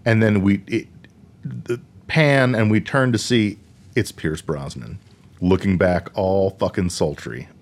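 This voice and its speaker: A man's voice: fairly low pitch, measured pace. A man co-hosting a casual movie podcast, laid-back, swearing easily and recapping the plot with lots of filler words. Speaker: podcast co-host. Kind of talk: casual movie review chat.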